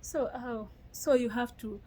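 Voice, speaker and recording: Kenyan woman vlogging, animated, lots of restarts, a bit high voice. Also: measured pace, low-quality recording. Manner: animated storytelling with frequent laughs and restarts. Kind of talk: casual chat.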